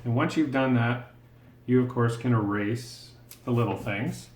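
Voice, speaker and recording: A man's voice: mid-range voice, a little slow, darkish tone. A man teaching a step-by-step drawing lesson, patient and encouraging, talking through each stroke as he draws. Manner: patient, encouraging, thinks aloud while drawing. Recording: roomy echo.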